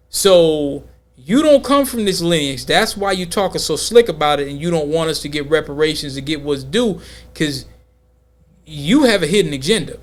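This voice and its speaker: A man hosting a podcast, talking in an emphatic, slangy, animated way during a casual debate. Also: on the high side, moderate pace. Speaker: podcast host.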